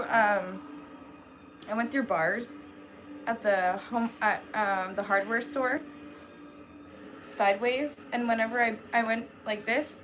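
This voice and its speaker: Speaking in a slightly high, somewhat bright voice, a young woman livestream host talks casually to her chat. She rambles with many fillers, laughs often, and swears without holding back.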